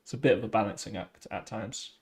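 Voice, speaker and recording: A man, an animator, casually commenting on an analysis of his own shots in a reflective, measured way. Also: lowish voice.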